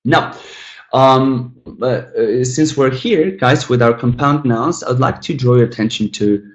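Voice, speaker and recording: A man teaching an English pronunciation lesson, speaking deliberately with frequent fillers and calling his listeners guys. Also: medium pitch. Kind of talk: classroom lesson on word stress.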